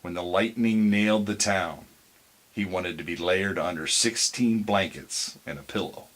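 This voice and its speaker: Slow, low-voiced male story narrator. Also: fairly bright tone. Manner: measured, deliberate storytelling. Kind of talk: bedtime story reading.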